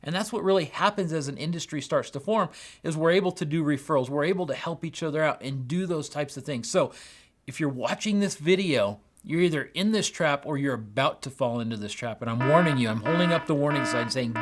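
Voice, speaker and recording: A man's voice: on the high side, fairly quick, faint music behind. A man hosting his own business podcast, talking with energy and enthusiasm and acting out bits of dialogue. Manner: acts out quoted dialogue in animated voices. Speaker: podcast host. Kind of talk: solo business podcast talk.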